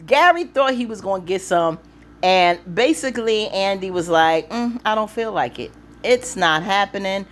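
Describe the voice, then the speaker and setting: A woman recapping a TV episode casually, laughing and acting out the characters' lines with animated delivery. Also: medium pitch, normal speed. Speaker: recap vlogger.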